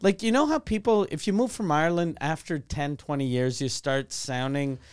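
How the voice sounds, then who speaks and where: A man's voice: a little high, moderate pace, smooth. A man co-hosting a podcast in casual chat, telling rambling stories and swearing a lot. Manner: rambling storytelling, heavy swearing. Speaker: podcast co-host. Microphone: studio mic.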